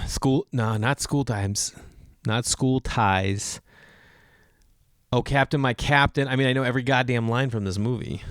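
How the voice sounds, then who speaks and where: A man's voice: on the low side, clean tone, no room sound. A man in his forties, a comedian hosting his own show, chatting casually and rambling from one joke to the next. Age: 40s. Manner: rambling, jokey, breaks into silly made-up songs. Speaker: comedian podcast host. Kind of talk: casual solo chat.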